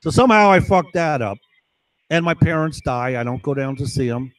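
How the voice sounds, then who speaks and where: A man's voice: fairly high pitch, expressive, moderate pace, no echo, poor audio. A man in an agitated, rambling monologue, repeating himself and swearing often. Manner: agitated, profane, repetitive. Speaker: vlogger.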